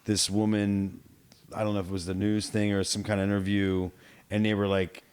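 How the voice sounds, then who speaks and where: A man co-hosting a podcast in casual banter, halting and full of fillers, often giggling. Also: lowish voice, little pitch movement, a little mellow, clear, resonant tone. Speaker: podcast co-host.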